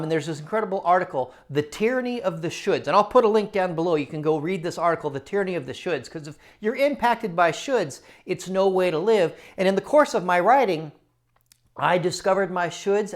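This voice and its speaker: A man telling his own story to camera in a casual, animated way, repeating phrases for emphasis. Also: sits high. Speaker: culinary storyteller and writer.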